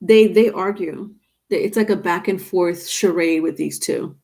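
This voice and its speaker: On her tarot live stream, a woman with a low, darkish voice talks a little slowly. Chatty and casual, she reads viewers' comments out loud and addresses them as honey.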